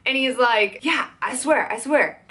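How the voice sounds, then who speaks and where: Young adult female content creator, high-ish voice, venting storytime, fast and agitated. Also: bright, forceful tone. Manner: fast, worked-up, swearing.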